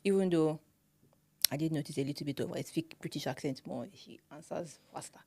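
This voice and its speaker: A young Nigerian woman with a Nigerian accent, co-hosting a casual podcast and telling a story with lively, slangy energy. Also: deep voice, brisk, breathy edge. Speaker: podcast co-host.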